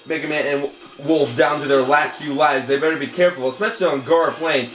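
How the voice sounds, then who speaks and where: A man commentating video game matches play-by-play, excitable and bursting into loud exclamations. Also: on the high side, fairly quick. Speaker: tournament commentator.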